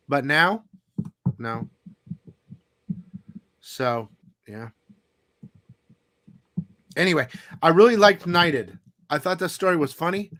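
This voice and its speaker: Male stream host, somewhat high voice, dry close sound, rambling salty chat. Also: fairly bright tone, no room sound. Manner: rambling, profane, loose storytelling. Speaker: comic haul show host. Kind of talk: casual live-stream chat.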